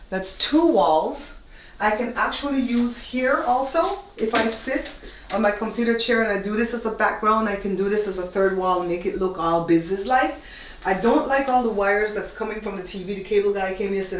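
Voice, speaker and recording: Filmed by her husband from some distance, a Belizean woman walks viewers step by step through a newly renovated room in her casual home tour vlog. She speaks a little fast with medium pitch and lively intonation, over slight background noise, and the bare room echoes.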